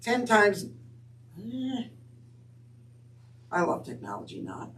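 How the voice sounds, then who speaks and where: A man's voice: high voice, wildly swooping pitch, slow pace, a bit bright, recorded from a distance, a little hiss or hum, poor audio. A man teaching on scripture in an earnest, conversational way with wry asides. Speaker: Bible teacher. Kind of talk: Bible teaching talk.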